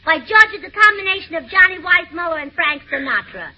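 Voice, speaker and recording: A woman's voice: very high voice, animated, brisk. A woman in a 1940s radio comedy, chirpy, scatterbrained and giggly. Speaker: comedy show co-star. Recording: dull old radio broadcast.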